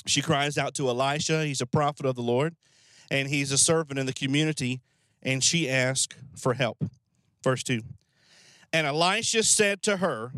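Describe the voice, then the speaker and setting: A man's voice: a little high, lively intonation, moderate pace, a bit bright, no room sound. A man preaching a conversational sermon, acting out voices of the people in the story. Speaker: pastor.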